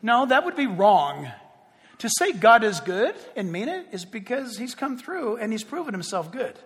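A man preaching with a high, bright-pitched voice that swoops up and down all the time. He is animated and playful, slipping into quick jokes and acted-out exchanges. His voice rings out with the long echo of a large hall. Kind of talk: sermon.

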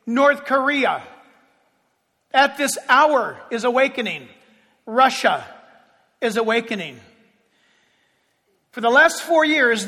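High-voiced fervent pastor preaching in a hall. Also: male voice. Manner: fervent preaching with sudden shouts and drawn-out phrases. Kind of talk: sermon. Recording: long hall reverb.

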